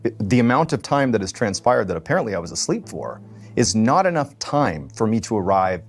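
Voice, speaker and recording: A man spins a story in a relaxed, conversational way, tossing in filler words as he goes. His voice sits on the low side and carries a husky edge. Faint music plays under him. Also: brisk. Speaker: podcast storyteller. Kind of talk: casual retelling of a story.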